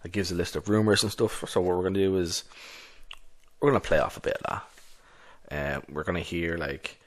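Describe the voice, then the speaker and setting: A man's voice: sits low, fairly even intonation, a little fast. A man narrating a solo tabletop game in a casual, rambling way. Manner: casual, rambling, many restarts.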